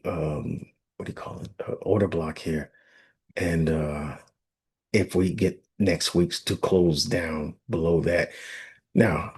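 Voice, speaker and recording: Husky man rambling through chart analysis. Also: lowish voice, a little mellow. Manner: rambling, filler-heavy, asks viewers if they understand. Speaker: forex analyst host. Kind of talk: casual chart walkthrough.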